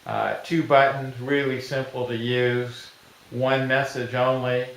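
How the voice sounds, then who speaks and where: A middle-aged man pitching his own invention in a plain, folksy way, acting out little everyday scenes. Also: little pitch movement, takes it slowly, creaky, fairly bright tone. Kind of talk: product pitch video. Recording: echoey room.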